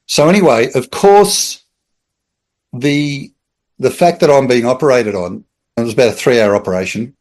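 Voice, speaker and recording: A middle-aged man with an Australian accent, speaking at an ordinary mid pitch as he spins a yarn for a podcast. He tells it casually and with energy, slipping into the voices of the people in his story and chuckling along the way. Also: moderate pace. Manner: animated storyteller, acts out quoted voices, chuckles. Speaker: podcast guest.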